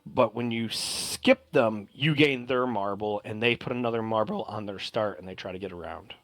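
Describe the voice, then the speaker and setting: A man's voice: lowish voice, moderate pace, a bit bright, no room sound. Rambling man running a tabletop game. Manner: loose and rambling, full of fillers. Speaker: game master.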